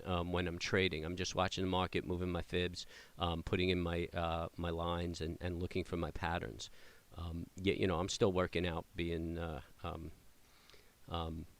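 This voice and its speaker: Deep-voiced man rambling over live trades. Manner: rambling, many fillers and restarts, excited cheering at the chart. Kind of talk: casual live trading commentary.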